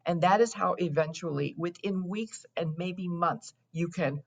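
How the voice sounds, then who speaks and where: A middle-aged woman, a wealth coach, explaining her method in a steady teaching tone as a podcast guest. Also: fairly low pitch, a little slow, gravelly. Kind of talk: podcast interview.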